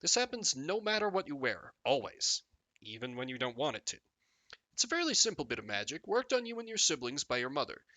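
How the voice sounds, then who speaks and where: A bright, animated man with a mid-range voice streams a text game, talking briskly on a dry recording. His live commentary mixes reading the game text aloud with jokey riffs on it.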